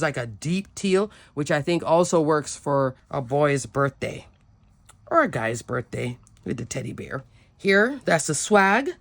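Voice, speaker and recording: A woman's voice: on the low side, no echo. A woman giving a casual, upbeat card-making product demo, chatty and often saying "like".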